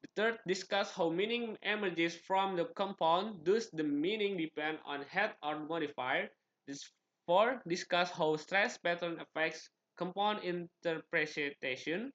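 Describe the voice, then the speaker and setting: Indonesian-accented male student presenter, a touch high, clipped slide-reading delivery, muffled low-fi sound. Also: measured pace, a bit bright. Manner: reads slide items in short clipped phrases, with restarts.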